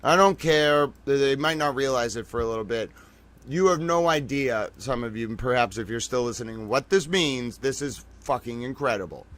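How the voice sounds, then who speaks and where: A man hosting a late-night livestream, tired from a long day, talking in an excitable, rambling, profane way to his viewers. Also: medium pitch, normal speed. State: tired from being up all day. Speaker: livestream host.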